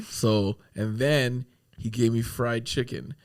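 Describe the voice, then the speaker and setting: A man telling a story on a podcast, relaxed and animated. He laughs at his own lines often and swears without a second thought. His voice sits at an ordinary middle pitch. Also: slow pace, long pauses. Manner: swears freely. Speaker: podcast guest. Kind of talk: casual storytelling.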